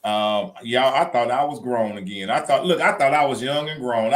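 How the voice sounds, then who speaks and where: A man co-hosting a casual chat show, telling weekend stories in an animated, colloquial way. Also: mid-range voice, moderate pace. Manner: animated storytelling, Southern colloquial. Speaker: co-host.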